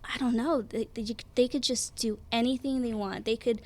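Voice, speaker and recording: A woman's voice: a little high, normal speed. A woman guest on a podcast, chatting casually and enthusiastically. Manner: enthusiastic, animated. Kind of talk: casual chat.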